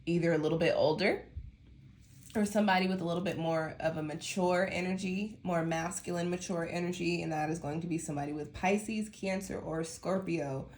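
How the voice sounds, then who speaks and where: A woman's voice: on the low side, fairly even intonation, fairly quick, a little mellow. A woman giving a casual monthly tarot reading to her viewers, chatty and rambling, with a stuffy nose from allergies. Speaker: tarot reader.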